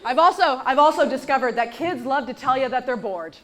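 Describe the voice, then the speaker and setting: A woman performing a stand-up comedy set on stage, with a punchy, sarcastic delivery and deadpan asides. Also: high-pitched, fairly quick, slight background noise. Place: comedy stage before a live audience. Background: audience laughter.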